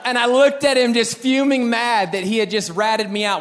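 A young adult man preaching a sermon, telling a childhood story with lively acted-out voices. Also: very high-pitched, moderate pace, hardly any pauses. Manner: animated storyteller acting out voices. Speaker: pastor.

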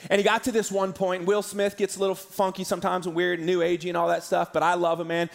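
Pastor in a big echoing hall. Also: male voice, sits high, monotone, quick pace, creaky. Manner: conversational, emotional, jokey asides. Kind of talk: sermon. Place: large arena church. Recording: long hall reverb.

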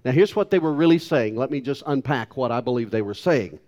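Man, pastor, sermon, emphatic, rhetorical questions, mid-pitched voice. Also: expressive, normal speed, a little mellow.

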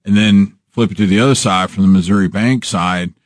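Very deep-voiced easygoing male banker. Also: brisk, dry recording, studio quality. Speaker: bank executive, guest. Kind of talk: casual interview. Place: radio studio.

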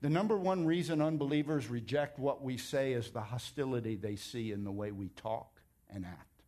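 A man's voice: mid-range voice, moderate pace. A man preaching a sermon as pastor, emphatic and conversational, telling stories and joking with his congregation. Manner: animated storytelling, emphatic.

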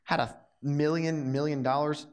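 A young adult man giving a casual, animated sermon, telling the story in a lively way and acting out its characters. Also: on the high side, normal speed, clear, resonant tone. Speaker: preacher.

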